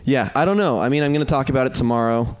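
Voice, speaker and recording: A man's voice: mid-range voice, very fast, smooth. A man hosting a casual comedy podcast, hesitant and trailing off with ums. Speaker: podcast host.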